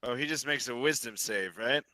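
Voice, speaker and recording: A man with a very bright, forceful voice narrates and referees a tabletop game. He keeps things moving with casual, easygoing rulings. The sound is close and dry, with keyboard typing behind him. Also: medium pitch, no echo, low-quality recording. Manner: easygoing, makes quick rulings. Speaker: dungeon master.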